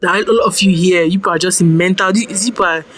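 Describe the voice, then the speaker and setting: A Nigerian woman guest on a podcast, telling a personal story in casual, animated talk, slipping into pidgin phrases and often restarting her sentences. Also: lowish voice, quick pace, a little hiss or hum, rough recording.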